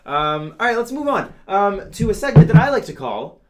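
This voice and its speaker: A man's voice: high-pitched, big pitch swings, normal speed, a loud crowd. A man hosting a comedic news show, playful and gushing as he talks straight to his audience.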